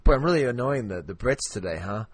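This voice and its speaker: A man's voice: medium pitch, animated, fast talker, a little hiss or hum. A man co-hosting a podcast in casual chat, rambling and restarting his sentences with plenty of fillers. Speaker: podcast co-host.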